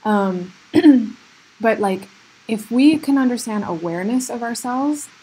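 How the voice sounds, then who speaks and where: Solo podcast host, woman, earnest and reflective, breathy tone, filler-heavy delivery. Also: a little high, expressive, a little slow, dark tone. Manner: heavy use of "like" and "you know" fillers, earnest, self-reflective.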